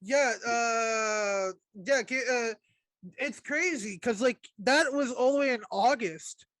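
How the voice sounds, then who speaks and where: Young man with a high, dry voice. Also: slow pace, fairly bright tone, no echo. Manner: casual, hesitant with fillers, swears. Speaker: podcast co-host. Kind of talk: casual wrestling chat.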